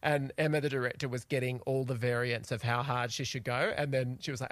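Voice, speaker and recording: A woman's voice: a bass voice, fast, few pauses, dry recording. A woman, co-hosting a podcast and telling stories in casual chat. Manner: animated storytelling. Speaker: podcast co-host.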